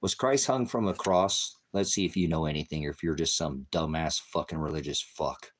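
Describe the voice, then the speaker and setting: A man with a very low voice delivers an angry, profane livestream rant as a preacher. He curses and insults constantly and speaks straight at a commenter, and his deep tone stays confrontational throughout. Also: moderate pace. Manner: heavy cursing, insulting and berating. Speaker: online preacher.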